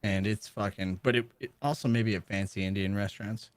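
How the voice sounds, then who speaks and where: A man's voice: fairly low pitch, fairly even intonation, fairly quick, no echo. A man co-hosting a casual livestream chat, out of breath, joking and teasing the others. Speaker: co-host.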